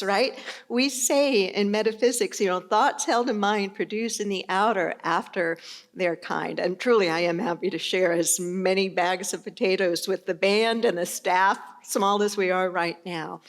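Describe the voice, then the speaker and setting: A middle-aged woman pastor giving a sermon in a conversational, storytelling manner. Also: medium pitch.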